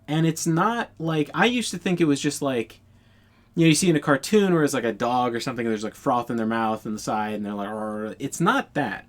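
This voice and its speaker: A young man telling a casual storytime anecdote in a blunt, profane, incredulous way. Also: a little high.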